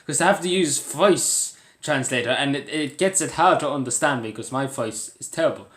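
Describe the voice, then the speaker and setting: Irish man, casual vlogger, earnest and rambling, mid-pitched, roomy echo. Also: animated, normal speed, few pauses, fairly bright tone. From Ireland. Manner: rambling, earnest, with many fillers and restarts. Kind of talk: casual talk to camera.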